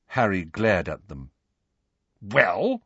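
A man narrating an audiobook in a lively, expressive way. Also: lowish voice, normal speed, no echo. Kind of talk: storybook narration. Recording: dry, slightly lo-fi recording.

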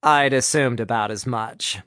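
A man voicing a calm, cheerful young woman leader who speaks measured and firmly polite. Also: medium pitch, no room sound, studio quality, lightly acted.

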